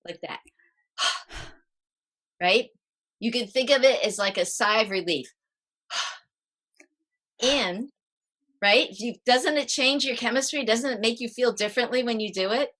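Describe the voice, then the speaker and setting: A middle-aged woman, a parenting coach, explaining calming techniques as a podcast guest in a lively way and acting out the steps. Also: on the high side, a little slow, pauses often. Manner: lively, demonstrating exercises as she explains.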